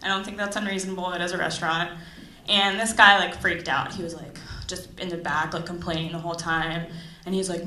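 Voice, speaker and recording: Brief: young woman stand-up from Florida, sharp bright tone, sarcastic chatter, echoey club. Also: on the low side, brisk, hardly any pauses. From Tampa Bay, Florida. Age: young adult. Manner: chatty, sarcastic, full of "like" fillers. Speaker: stand-up comedian. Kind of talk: stand-up comedy. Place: comedy club stage. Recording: echoey comedy club room.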